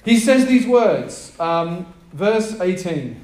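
High-voiced man preaching in an echoey room. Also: unhurried. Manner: emphatic, energetic preaching with audience prompts. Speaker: pastor. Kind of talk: sermon to a live group. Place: room with a gathered group.

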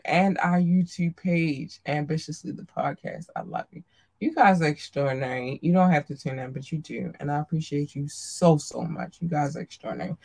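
A woman hosting a podcast, chatting casually and affectionately with listeners and often jumping into a squeaky high voice for greetings. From Maryland, USA. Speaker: podcast host. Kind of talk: casual livestream shout-outs.

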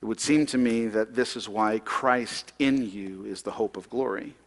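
A man's voice: fairly low pitch, moderate pace, in a large hall. A man preaching a sermon in a conversational way, asking the congregation questions. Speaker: pastor.

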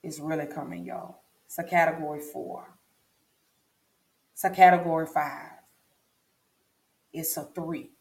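A woman's voice: sits low, fairly even intonation, a little slow, pauses often. A woman telling her own story as a vlogger, repeating herself for emphasis and speaking straight to her viewers. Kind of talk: personal storytelling vlog. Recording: echoey room.

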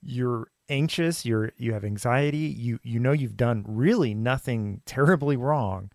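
A man's voice: medium pitch, a little slow, darkish tone, no echo, studio quality. A man hosting a podcast, reflectively summing up his guest's experience in casual conversation. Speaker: podcast host.

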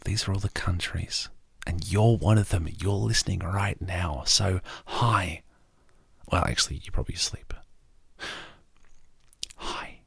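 Australian man, very low voice, breathy and husky, slow soft sleep-podcast talk, drifting into whispers. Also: dry recording.

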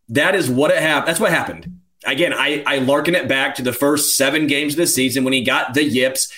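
A man's voice: on the high side, a bit bright. A man co-hosting a sports podcast, puzzling aloud and asking questions. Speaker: podcast co-host. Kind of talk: casual sports podcast chat.

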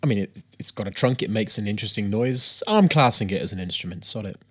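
A man co-hosting a podcast, with dry deadpan humour and occasional bursts of surprise. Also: lowish voice, fast, breathy edge. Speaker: podcast co-host. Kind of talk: casual podcast chat.

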